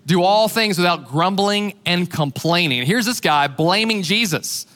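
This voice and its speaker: A man preaching a sermon as pastor, animated and acting out the voices he quotes. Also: high voice, measured pace, long reverb tail.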